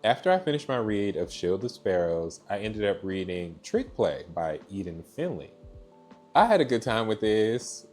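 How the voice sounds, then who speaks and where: A young man from Georgia in the US gives a casual, chatty book review. His voice sits fairly low and he gushes over what he likes. Soft music plays faintly behind him. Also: very animated, moderate pace. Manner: chatty, gushing, repeats "so yeah".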